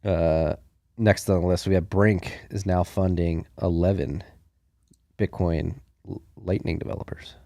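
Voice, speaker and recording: A man's voice: deep voice, steady tone, slow pace, dark tone, no room sound, clean studio sound. A man co-hosting a podcast, chatting casually about the news and thinking aloud with plenty of fillers. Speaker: podcast co-host.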